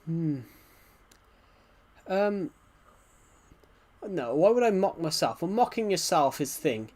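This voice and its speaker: A young man streaming a game, talking in a soft, quiet, subdued voice as he chats casually. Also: fairly high pitch, sing-song, slow pace. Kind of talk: casual gameplay commentary.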